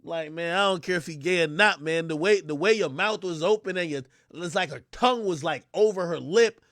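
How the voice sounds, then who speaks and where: A young man telling a story on his livestream, excitable and loud, acting out the voices he quotes. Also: on the high side, a little fast, no room sound, clean studio sound. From Jamaica. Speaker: streamer.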